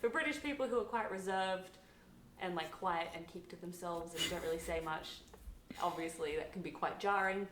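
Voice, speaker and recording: A woman's voice: on the low side, moderate pace, noisy background. A woman with an Australian accent chatting casually to camera, laughing often as she talks. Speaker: office worker sharing opinions. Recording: roomy echo.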